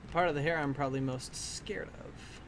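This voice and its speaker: A man's voice: fairly high pitch, normal speed, noisy background. A man hosting a drawing stream, chatting casually and self-mockingly as he works and laughing easily. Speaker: streaming artist host.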